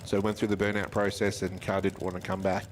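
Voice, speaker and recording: A man calling drag races live, chatty and quick with times and speeds. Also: low voice, completely flat delivery. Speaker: drag racing commentator. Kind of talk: live race commentary. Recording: faint track noise behind.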